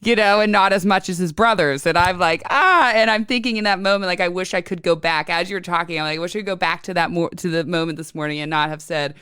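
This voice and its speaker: A woman with a smooth, clear voice hosts a podcast and chats freely, sharing her own stories and asking reflective questions. The sound is dry and close, with no room echo. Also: lowish voice, steady tone, fast, hardly any pauses, fairly bright tone. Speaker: podcast host. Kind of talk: casual interview conversation.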